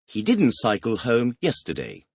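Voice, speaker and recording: A man reading the teacher's questions in a scripted audio language lesson, announcing words and asking quick questions. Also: medium pitch, huge pitch swings, slightly rough, no echo, clean studio sound. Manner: announces words, then fires quick questions with a clipped "please".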